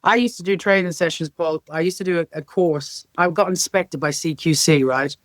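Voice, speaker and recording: A middle-aged woman from Ireland, a care sector leader, telling lively stories as a podcast guest and acting out the dialogue in them. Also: on the low side, normal speed, dry recording. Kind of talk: podcast interview storytelling.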